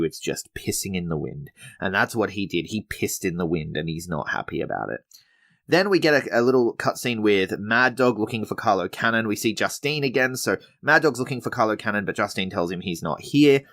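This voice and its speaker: In a lowish, somewhat bright voice, a man reviews wrestling shows on his podcast. The recap commentary is casual, chatty and relaxed, and he often restarts his sentences.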